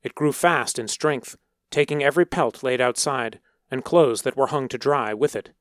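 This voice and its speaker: A male storyteller reading with a measured, dramatic delivery at a mid pitch. The recording is close and dry, with no room sound. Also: dry recording. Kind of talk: scripted narration.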